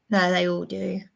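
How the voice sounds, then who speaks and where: Agitated middle-aged woman from England on a livestream, slow and rambling with many restarts. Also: on the low side, vocal fry. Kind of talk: emotional livestream monologue.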